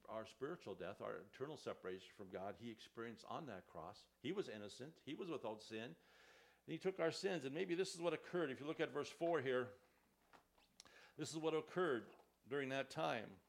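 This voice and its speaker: A man's voice: mid-range voice, animated, fairly quick, gravelly. A man preaching a sermon as pastor, reading scripture aloud with rising emphasis.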